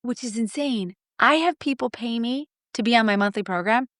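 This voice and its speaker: A middle-aged woman coach telling stories in an interview, blunt and lively, acting out her clients' lines. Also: fairly high pitch, normal speed, dry recording, studio quality. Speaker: guest, marriage coach. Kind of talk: animated storytelling interview.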